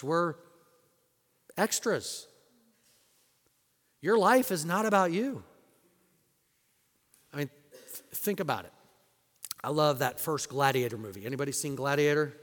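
A man's voice: high voice, measured pace, pauses often, fairly bright tone. A male pastor preaching a sermon in a conversational way and asking the congregation rhetorical questions. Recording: long hall reverb.

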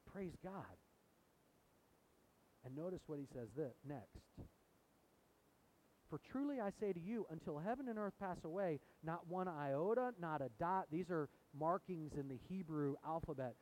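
Male pastor, high-pitched, lively question-and-answer preaching, faint background rumble. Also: a little slow, low-quality recording. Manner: animated, asks the congregation questions. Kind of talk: sermon. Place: church sanctuary.

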